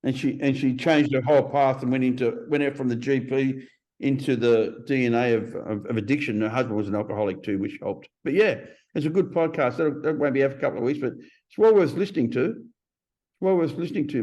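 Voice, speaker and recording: A man's voice: medium pitch, quick pace. Blunt, swearing man in his fifties. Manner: blunt, profane, animated storyteller. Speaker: podcast guest. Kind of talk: casual interview storytelling.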